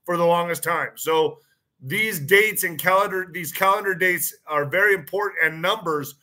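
Male host, bright and slightly high voice, rambling monologue with repeated words and pointed questions. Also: moderate pace. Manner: repeats phrases, frequent restarts and fillers; poses claims as pointed questions. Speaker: online show host. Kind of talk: casual monologue commentary.

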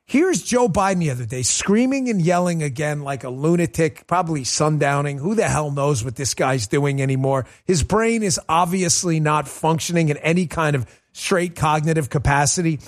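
A man's voice: fairly high pitch, moderate pace, hardly any pauses. A man hosting a livestreamed political commentary show, ranting in an emphatic, sarcastic way. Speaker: political talk show host.

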